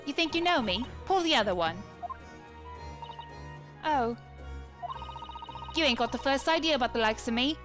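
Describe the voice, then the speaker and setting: A woman voicing a defiant cockney girl, curt, prickly, high voice, game music behind. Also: lively intonation, moderate pace, pauses often, a bit bright. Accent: London cockney, put on. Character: tough cockney street-urchin girl, defiant.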